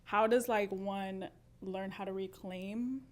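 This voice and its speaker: A woman's voice: mid-range voice, fairly even intonation, takes it slowly. A woman in the audience asking a question, hesitant and full of fillers, trailing off mid-thought.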